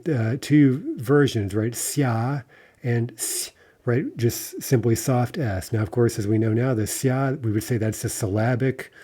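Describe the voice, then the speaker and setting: A man teaching a lesson on reading poetry aloud, explaining step by step with frequent fillers and checking in with "right?", slowing down to recite lines carefully. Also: mid-range voice, dark tone. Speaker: Russian language teacher.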